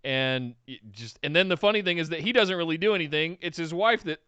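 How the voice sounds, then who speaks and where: A man co-hosting a podcast, chatting about wrestling in an excitable, jokey way and reading out donations. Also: on the high side, fairly quick, clear, resonant tone, dry recording. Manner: excitable, laughs often, jokey. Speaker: podcast co-host. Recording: dull lo-fi, dry sound.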